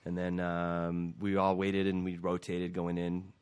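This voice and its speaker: A man's voice: sits low, a little slow, clear, resonant tone. A middle-aged man, an actor guest, telling a story in a casual interview and acting out quoted lines. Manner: animated, acts out quoted lines.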